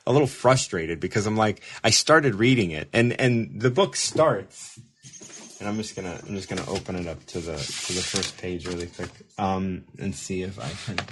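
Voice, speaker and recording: A man hosting a show, telling a rambling, self-mocking story in casual chat, animated, with laughs and restarts. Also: deep voice, moderate pace, slight background noise. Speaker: show host.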